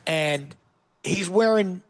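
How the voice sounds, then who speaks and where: A comedian telling a story with punchy comic timing, acting out the lines of the people in it. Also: male voice, high-pitched, takes it slowly, dry recording. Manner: punchy comic delivery with acted-out quotes. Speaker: guest comedian. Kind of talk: animated storytelling. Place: studio.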